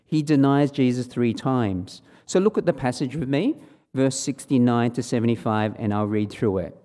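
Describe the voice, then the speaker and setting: A man's voice: medium pitch, dark tone. A man preaching a sermon, reading scripture aloud and acting out the quoted lines in a raised voice. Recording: long hall reverb.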